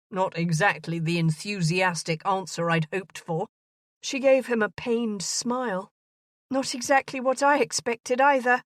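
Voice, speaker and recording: A woman narrating a historical romance audiobook in a measured, even manner. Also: on the low side, no echo, clean studio sound.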